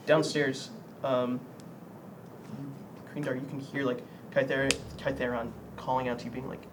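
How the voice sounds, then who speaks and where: A young man narrating as game master, halting with many fillers and quick to laugh. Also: medium pitch, level tone. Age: young adult. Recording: distant mic with background noise.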